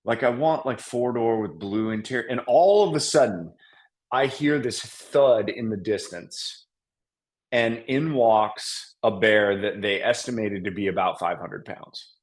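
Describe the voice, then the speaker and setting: A man with a fairly low voice spins a hunting yarn as a podcast guest. His delivery is casual and animated, and he often restarts his sentences and leans on fillers as he talks. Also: unhurried. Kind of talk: casual storytelling interview.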